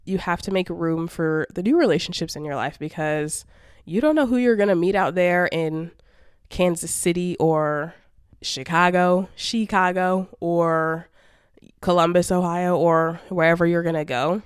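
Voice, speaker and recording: A woman in her twenties hosts a casual solo podcast, her voice on the low side and her pace moderate. She's chatty and sassy, calling listeners "babes" and "girl," while talking through a congested nose and sore throat. The tone is clean, with no echo and clean studio sound.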